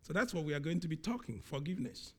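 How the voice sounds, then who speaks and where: A man preaching a sermon, speaking slowly and with emphasis, often repeating key words. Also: a little high, big pitch swings, a bit bright.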